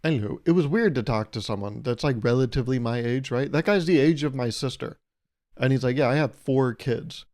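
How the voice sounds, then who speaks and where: At a medium pitch and a slightly quick pace, this podcast host spins funny stories on his own show. He's animated and profane, voicing both people in the conversations he describes.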